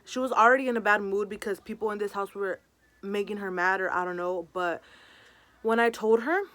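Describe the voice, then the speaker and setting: A woman's voice: mid-range voice, fairly even intonation, a bit bright, dry recording. A young woman vlogger telling a personal story in casual chat, saying "like" constantly and dropping in Spanish words. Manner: chatty, fills every pause with "like"; mixes Spanish words into her talk.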